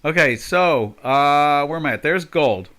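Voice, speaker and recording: Older man, live stream host, bright tone, rambling casual chat. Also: fairly high pitch, lively intonation, a little slow. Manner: chatty, thinking aloud while fixing settings. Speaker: trading show host.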